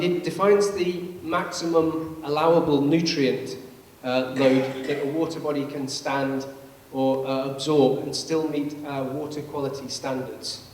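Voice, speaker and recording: A man giving a public lecture, explaining in a measured way with touches of dry humor. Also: on the high side, darkish tone. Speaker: guest presenter, scientist. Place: large public meeting hall. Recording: echoey hall from far off, faint hum.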